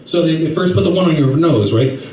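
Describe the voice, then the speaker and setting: A man doing a stand-up set, telling rambling stories in an animated way with silly voices. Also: on the high side, fairly quick. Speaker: stand-up comedian. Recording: echoey room from far off with faint noise.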